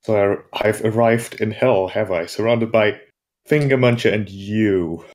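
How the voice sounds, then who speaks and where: A tabletop player speaks in character, a man with a lowish voice. He answers with wry, dry retorts and an unhurried, sardonic tone. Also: a little mellow. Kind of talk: in-character tabletop role-play.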